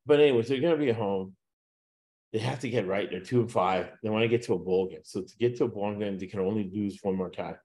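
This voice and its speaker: A man with a somewhat low voice talks through football picks in a loose, casual way. His sentences wander and restart, with lots of "uh" fillers. He laughs easily as he goes. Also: fast, darkish tone. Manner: rambling, frequent "uh" fillers, laughs at own jokes. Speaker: sports betting podcast host.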